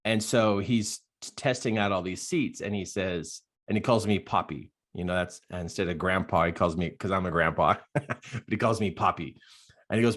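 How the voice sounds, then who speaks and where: An older man, a life coach, telling stories in an animated podcast monologue and laughing often. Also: fairly low pitch, moderate pace.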